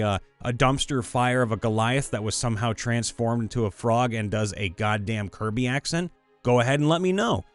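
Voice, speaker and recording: A man, a voice actor, reading fan stories in a playful, upbeat, goofy way. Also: mid-range voice. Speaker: voice actor and story narrator.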